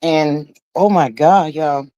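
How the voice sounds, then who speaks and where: A woman's voice: low voice, slow pace, dry recording, muffled recording. Sassy woman chatting live. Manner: sassy, animated, talks to viewers as "child" and "honey". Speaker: livestream host reading chat. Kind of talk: casual chat about reality TV gossip.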